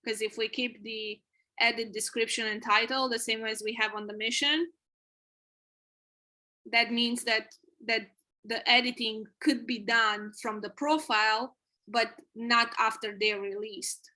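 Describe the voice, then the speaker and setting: A woman's voice: on the high side, fairly even intonation, a little slow, pushed and bright, low-quality recording. A woman on a team video call, going through app features point by point in a methodical way. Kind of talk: casual work meeting.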